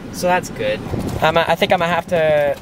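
Rambling, joking man with a lively voice. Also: fairly high pitch, normal speed. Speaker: vlogger. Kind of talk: casual vlog while driving. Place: inside a moving car. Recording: road noise from a car.

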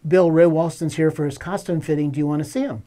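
A practical, reassuring woman assistant who gently pushes her boss along, as an older man quotes her in his own voice. The tone is mellow and warm, with no real change of voice. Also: on the high side, fairly even intonation, fast talker, natural voice. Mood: coaxing.

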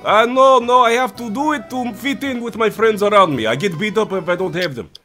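A man putting on a deadpan Russian accent in broken English while trolling strangers on video chat. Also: high voice, brisk, soft background music. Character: goofy deadpan Russian man, middle-aged.

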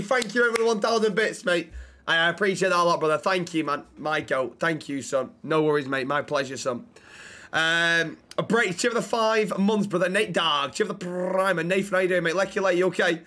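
A man's voice: sits high, bright, forceful tone. A young man streaming a role-play game, chatting casually and swearing freely. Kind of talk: casual role-play and chat shout-outs.

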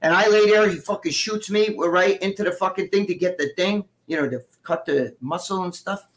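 Profane, animated middle-aged man telling stories. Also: sits high, normal speed. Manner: profane, animated, acts out quoted dialogue. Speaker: guest co-host. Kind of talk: casual live-stream storytelling.

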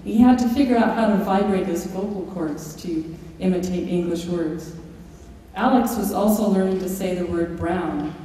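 A woman author with a lowish, warm voice reads from her book and tells stories in a large lecture hall at a normal pace. Her storytelling includes occasional fillers and restarts. The mic sits far away in the echoey hall, and there's a bit of hiss or hum.

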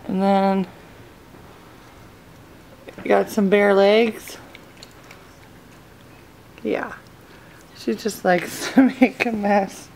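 A woman's voice: mid-range voice, steady tone, extremely slow, vocal fry, long pauses, darkish tone, slight background noise. A mother in her thirties filming a family vlog, chatting fondly to her dog in a sing-song voice. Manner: sweet baby-talk to her dog. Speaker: vlogger. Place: home, then a car. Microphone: handheld camera.

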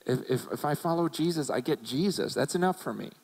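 A man's voice: fairly high pitch, lively intonation, fairly quick, darkish tone, slightly rough, low-quality recording. A man preaching a sermon as a pastor, talking earnestly and conversationally and often repeating words as he restarts.

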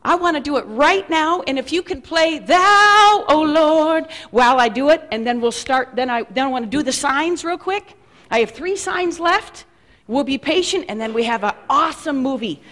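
A woman pastor leading a charismatic church service, praying loudly over people and speaking in tongues. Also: sits high, expressive, moderate pace. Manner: fervent, shouting prayers and speaking in tongues. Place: church hall with a choir. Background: music playing.

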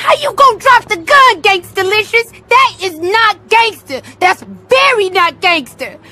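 A woman voicing a brash young cartoon boy who loudly mocks someone as a fake gangster, shouting in disbelief. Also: very high-pitched, expressive, unhurried, exaggerated voice. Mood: mocking outrage. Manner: shouting, incredulous mockery.

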